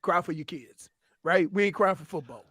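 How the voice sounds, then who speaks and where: A man co-hosting sports radio, animated and mocking in casual banter. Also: high-pitched, normal speed, husky, dry recording, studio quality.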